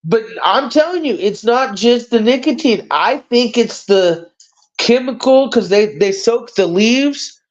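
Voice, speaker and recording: A man's voice: extremely high pitch, a little slow. A man hosting a casual livestream chat, rambling and swearing as he talks. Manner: rambling, profane, animated. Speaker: livestream host. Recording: dull lo-fi sound.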